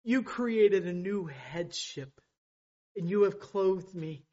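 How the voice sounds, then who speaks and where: A man with a high voice preaches a fervent sermon. He repeats phrases for emphasis and moves between ringing declarations and quiet, prayerful passages. The recording sounds dull and lo-fi. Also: expressive, slow pace. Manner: fervent, repeats phrases, swings from loud to hushed.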